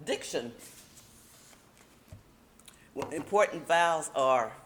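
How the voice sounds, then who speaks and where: A woman teaching a speaking workshop in a casual, emphatic way, slowing down to stress key points. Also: low-pitched, expressive, a little hiss or hum.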